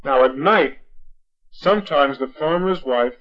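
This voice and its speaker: A man telling a bedtime story to his young child, patient and gently firm, on a dull lo-fi home recording. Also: fairly high pitch, unhurried.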